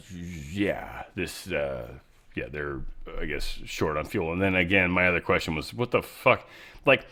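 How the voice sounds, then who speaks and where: Male host, casual political talk, lively swooping pitch, bright tone, rambling, profane. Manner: rambling, profane, sarcastic asides. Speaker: show host.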